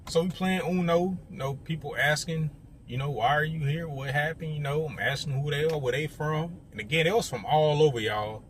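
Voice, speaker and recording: This young man's voice is a little high and brisk, with some hiss or hum audible. He's telling a story directly to his viewers in a relaxed, conversational manner, talking to them often and leaning on lots of filler words.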